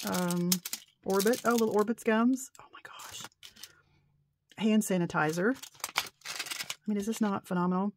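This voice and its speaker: A middle-aged woman vlogging about paper crafting in a casual show-and-tell, excitable and gushing, rambling and getting tongue-tied as she goes. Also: mid-range voice, moderate pace, long pauses, background noise.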